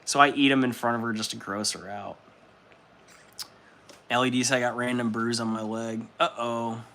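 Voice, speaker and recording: A man's voice: mid-range voice, steady tone, normal speed, sharp tone. A young man hosting a hobby livestream, chatting casually with viewers, laid-back, laughing often and swearing freely. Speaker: livestream host. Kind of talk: casual chat reading viewer comments.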